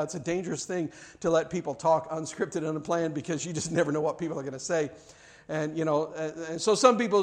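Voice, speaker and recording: Man preaching a sermon, fairly high voice. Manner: storytelling preacher, acts out quoted voices, repeats words. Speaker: pastor.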